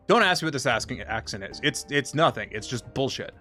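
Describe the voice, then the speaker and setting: A man's voice: mid-range voice, big pitch swings, brisk, few pauses, bright, forceful tone, soft background music. A man streaming a game, chatting casually and irreverently, with frequent swearing. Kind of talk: casual gameplay commentary with voiced dialogue.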